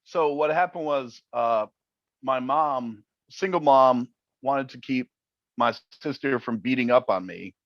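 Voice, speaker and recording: A man guesting on a podcast interview, telling stories in an animated, jokey way. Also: mid-range voice, a little slow, no echo, lo-fi sound. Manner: animated, jokey storyteller who acts out quotes. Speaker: interview guest, paranormal TV personality. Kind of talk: casual interview storytelling.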